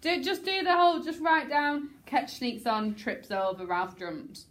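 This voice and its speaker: A woman teacher directing a class drama rehearsal, brisk and joking, acting lines out herself. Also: sits high, fairly bright tone.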